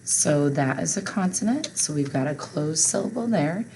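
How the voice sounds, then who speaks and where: A woman's voice: low-pitched, expressive, normal speed, gravelly, mellow, slight background noise, low-quality recording. A woman teacher leading a phonics spelling lesson for children, patient and encouraging.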